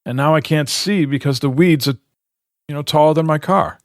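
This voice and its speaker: A man's voice: a little high, normal speed, no echo, studio quality. A man co-hosting a podcast, telling a rambling, exasperated story in casual chat and swearing freely. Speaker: podcast co-host.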